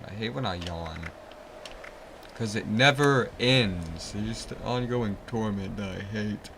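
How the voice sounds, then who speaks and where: A man's voice: fairly low pitch, moderate pace, gravelly, noisy background. A young man streaming a video game, rambling and easily exasperated, sleepy and yawning as he complains. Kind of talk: casual live-stream commentary.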